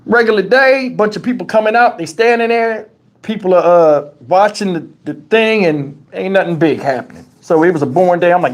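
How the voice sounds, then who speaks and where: A man's voice: sits high, brisk. A man hosting a livestream, telling a story in a casual, profane and colloquial way on a lapel mic. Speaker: channel host. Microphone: wireless lapel mic.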